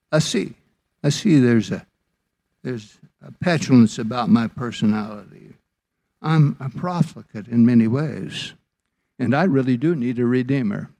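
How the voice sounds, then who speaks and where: A man preaching a sermon as pastor, slow and deliberate, lifting his voice for emphasis. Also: mid-range voice, vocal fry, mellow.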